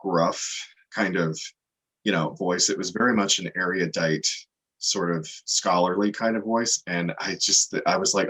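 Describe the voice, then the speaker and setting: Podcast cohost guy, super low husky voice, laid back and dry. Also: measured pace, a bit bright, low-quality recording. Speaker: podcast co-host. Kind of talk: casual chat.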